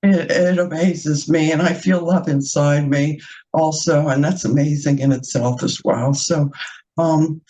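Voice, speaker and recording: A woman's voice: low-pitched, fairly even intonation, measured pace, mellow, low-quality recording. A woman in an online group share, crying and heartfelt, laughing through her tears. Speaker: participant. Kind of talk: emotional personal share.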